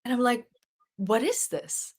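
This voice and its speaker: A woman's voice: on the high side, sing-song, a little slow. A woman guest, an author and life coach, earnestly telling a personal story in an interview and acting out her own inner dialogue.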